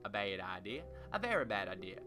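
Very animated and brisk, a young man rambles through goofy Minecraft let's play commentary for his YouTube channel, occasionally erupting into loud high singing and silly sounds. Faint guitar music plays in the background.

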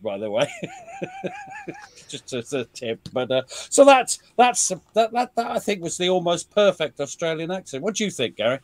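Jokey man, lively high voice. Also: moderate pace. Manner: jokey, self-mocking, laughs often. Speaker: guest, military historian and author. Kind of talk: casual podcast chat.

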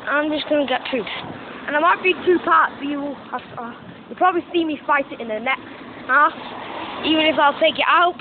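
A young woman vlogger giving casual, self-mocking commentary while walking around outdoors playing a mobile game, swearing now and then. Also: sits high. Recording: tinny phone-like audio with faint noise.

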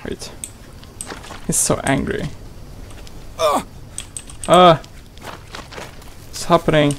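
A man's voice: on the high side, fairly even intonation, a little slow, vocal fry, a little hiss or hum, rough recording. A man hosting a gaming channel, giving playful, exclamatory let's play commentary and talking to his character.

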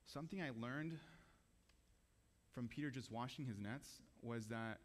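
A man's voice: mid-range voice, unhurried. A man giving a sermon in a church, talking casually and asking the audience questions. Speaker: preacher.

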